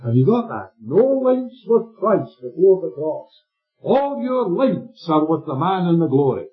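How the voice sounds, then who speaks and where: High, lively-voiced man preaching a sermon. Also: a little slow. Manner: emphatic, quizzes listeners with questions. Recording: dull lo-fi recording with faint music.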